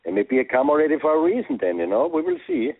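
A former soccer coach being interviewed over the phone, speaking earnest English with non-native phrasing. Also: male voice, on the high side, wildly swooping pitch, fast talker, creaky, slightly rough. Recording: tinny phone line.

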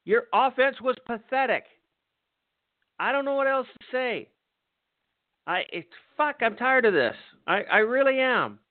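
A man's voice: high voice, no room sound. Older man ranting over a tinny line. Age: 60s. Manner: profane, exasperated ranting. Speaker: podcast host. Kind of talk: angry sports rant. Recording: tinny phone-line sound.

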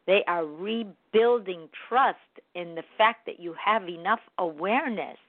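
A self-help speaker giving a reflective spoken monologue in an earnest, gently coaching manner. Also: mid-range voice, a little slow, no echo. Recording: tinny phone-like dry recording.

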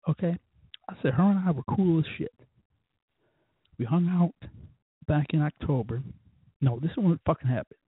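A man's voice: fairly high pitch, lively intonation, normal speed, pauses often, husky, dry recording. Podcast host, male, profane fired-up ranter; dry, phone-quality audio. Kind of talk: casual ranting monologue.

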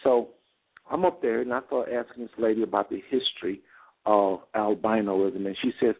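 Low gravelly guy rambling thru a story, folksy, sounds like a tinny phone line. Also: normal speed. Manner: folksy, addresses listeners as y'all and folks. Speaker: host.

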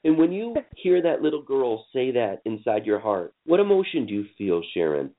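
A man leading a guided forgiveness session on a call, speaking slowly and soothingly with lots of repetition. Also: medium pitch, sing-song. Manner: slow, soothing, repetitive coaching. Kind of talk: guided emotional healing session. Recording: tinny phone-line audio.

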